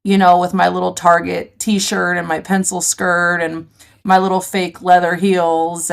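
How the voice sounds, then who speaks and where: A woman in middle age, a podcast guest, tells her stories vividly and with animation. Her voice sits fairly low. It has a gravelly, fry-tinged texture. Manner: animated, vivid storyteller, laughs easily. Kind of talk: conversational storytelling.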